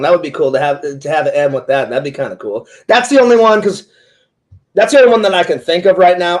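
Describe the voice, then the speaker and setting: A man's voice: high voice, rough recording. A man hosting a casual interview, playful and joking, telling long rambling stories. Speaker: interview host, Twitch streamer. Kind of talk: casual chat.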